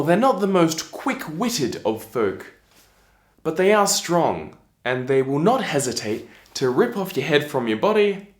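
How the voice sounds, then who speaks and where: A man telling a fairy tale in a casual, playful way, with chatty asides to the listener. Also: fairly high pitch. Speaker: storyteller. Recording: echoey room.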